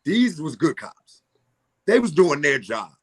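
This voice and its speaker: A fairly high, unhurried male voice with a breathy edge belongs to a middle-aged comedian from Philadelphia. Appearing as a guest in a laid-back interview, he tells animated stories, acts out voices, and laughs often.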